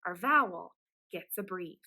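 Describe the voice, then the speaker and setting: A woman's voice: lowish voice, expressive, measured pace, pushed and bright, husky, rough recording. A woman teaching a phonics lesson to young children in an upbeat, encouraging way, drawing out the letter sounds.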